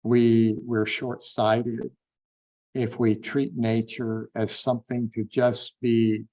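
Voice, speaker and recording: A man teaching a Bible class, unhurried and thinking aloud with frequent fillers. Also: medium pitch, little pitch movement, warm tone. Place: online classroom.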